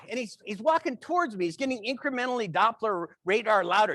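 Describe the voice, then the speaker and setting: Humorist keynote speaker, man, high-pitched, playful storytelling, dry close mic. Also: fairly quick, no room sound. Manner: animated, playful comic delivery.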